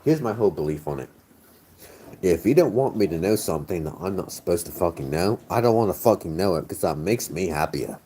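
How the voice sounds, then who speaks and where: Tipsy, rambling man with a low voice. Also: lively intonation, a little fast, dark tone, a little hiss or hum. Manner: rambling, profane, joking. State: tipsy, slightly slurring. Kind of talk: casual chat.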